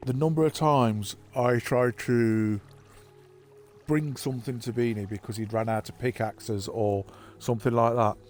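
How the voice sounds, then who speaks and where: Relaxed low-voiced man rambling. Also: unhurried. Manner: relaxed, rambling, thinking aloud with fillers. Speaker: gamer giving a map tour. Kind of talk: casual gameplay commentary. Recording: faint background music.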